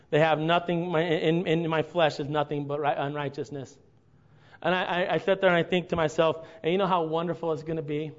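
A man preaching a sermon to his congregation, earnest and building to impassioned, drawn-out emphasis. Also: on the high side, steady tone, muffled recording. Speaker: pastor.

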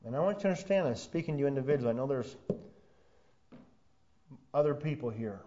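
A man preaching a sermon as pastor, building to loud emphatic peaks and then dropping low and quiet for weight. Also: lively intonation, quick pace, slight background noise. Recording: dull lo-fi sound.

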